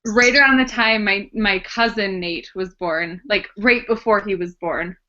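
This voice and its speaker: A woman with a bright, sharp tone talks through a book in a casual group chat. She mixes thoughtful points with teasing. Her voice comes through a dull, muffled video-call line. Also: medium pitch, a little slow. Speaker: book club member.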